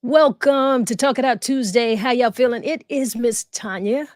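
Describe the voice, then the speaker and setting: A woman's voice: fairly high pitch, moderate pace, over music. A tired woman co-hosting a live talk show, chatting casually and folksily with her viewers. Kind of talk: casual live-stream chat.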